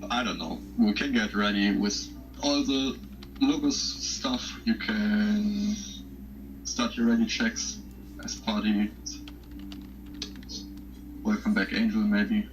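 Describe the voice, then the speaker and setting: A man in a game voice chat, helping sort players into groups with some hesitant pauses. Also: lowish voice, recorded from a distance, music in the background. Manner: sorting out groups, hesitant fillers. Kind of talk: casual voice chat while gaming. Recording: muffled voice-chat audio.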